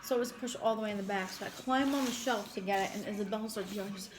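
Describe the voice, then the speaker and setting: A woman's voice: mid-range voice, quick pace, rough recording. A woman hosting a casual eating stream, chatty and swearing freely as she tells stories. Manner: chatty storyteller, swears casually, laughs often. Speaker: mukbang host. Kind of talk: casual chat while eating.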